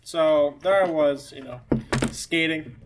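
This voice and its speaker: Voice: mid-range voice, slow, music in the background. A podcast co-host telling a rambling improvised story with lots of fillers. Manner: rambling, laughing, filler-heavy. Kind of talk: casual comedy podcast chat, improvised storytelling.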